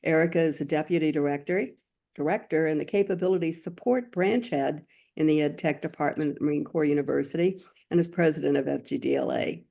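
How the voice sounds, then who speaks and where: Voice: medium pitch, a little fast, vocal fry. A webinar host reading scripted announcements and speaker introductions in a formal, polished way. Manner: reads from a script, warm and formal.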